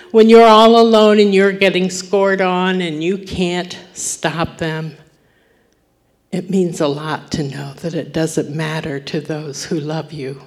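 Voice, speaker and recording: A woman preacher telling a moving story in a sermon, swinging from forceful to near-whispered. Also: on the low side.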